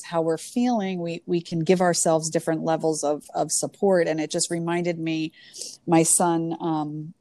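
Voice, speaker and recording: Woman in her thirties with a low, dark voice, earnest and searching for words, casual chat. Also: no room sound. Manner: earnest, storytelling with hesitant fillers. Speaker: yoga teacher. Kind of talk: casual conversation.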